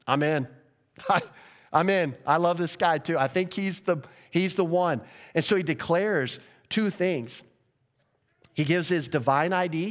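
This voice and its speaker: A male pastor delivering a sermon in a conversational style, asking the congregation rhetorical questions. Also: on the high side.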